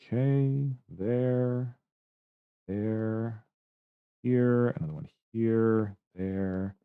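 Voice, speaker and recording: A man's voice: lowish voice, very slow, smooth, no echo, narrow, tinny audio. A man streaming his hobby sculpting, talking to himself in short, casual remarks as he works. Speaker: miniature terrain sculptor streaming his work. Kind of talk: casual running commentary while working.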